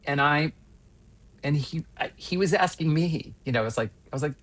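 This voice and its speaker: A man in his fifties from Western Pennsylvania, a stage actor telling winding, animated anecdotes as a podcast guest. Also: fairly high pitch, normal speed. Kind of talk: casual interview storytelling.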